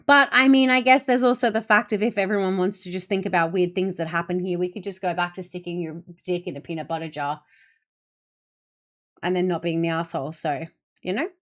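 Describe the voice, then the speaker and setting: A woman's voice: on the low side, steady tone, fairly quick, fairly bright tone. A woman streamer chatting casually with her viewers, telling rambling stories with plenty of swearing. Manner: rambling, profane storytelling; reads and answers chat messages. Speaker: Twitch streamer.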